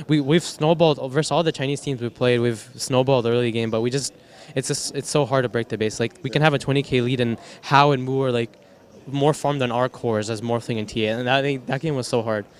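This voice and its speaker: After a match, a young pro gamer fields questions in a steady, medium-pitched voice, speaking a little fast with few pauses. He rambles loosely, restarts himself, and swears casually.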